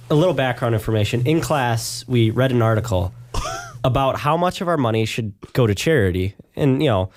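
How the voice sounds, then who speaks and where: A man's voice: mid-range voice, a little mellow. A young man, a podcast guest, telling a joking story in casual chat. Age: young adult.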